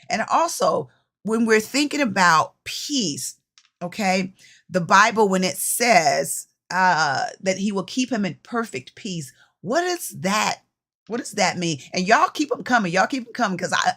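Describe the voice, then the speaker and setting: A women's ministry coach gives a casual devotional teaching in a medium-pitched voice. She's chatty and lively, speaks directly to her listeners, and often repeats phrases for emphasis.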